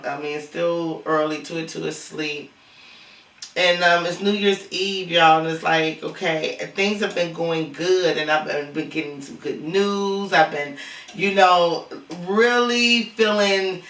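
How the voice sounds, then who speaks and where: Grieving man, gravelly high voice in a roomy echo. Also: bright, forceful tone. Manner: halting, stammering, repeats words. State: grieving, cried out. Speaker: lifestyle vlogger. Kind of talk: emotional vlog monologue. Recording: roomy echo, far from mic.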